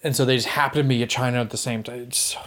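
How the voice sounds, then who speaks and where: A man talks casually on a movie podcast at an average pitch. He rambles through his points with animated energy and drops the odd swear word. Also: rapid-fire. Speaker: podcast co-host. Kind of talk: casual chat about movies.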